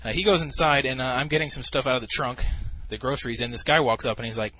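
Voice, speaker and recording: A man in his twenties telling a long, rambling story in casual chat, deadpan and full of swearing. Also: mid-range voice, quick pace, no room sound. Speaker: gamer narrating over a replay.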